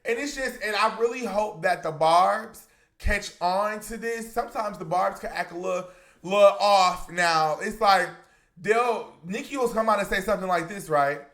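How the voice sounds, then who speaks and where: A man's voice: high voice, moderate pace, fairly bright tone. A man giving celebrity gossip commentary to his viewers, chatty and emphatic, calling them "y'all.". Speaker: commentary YouTuber.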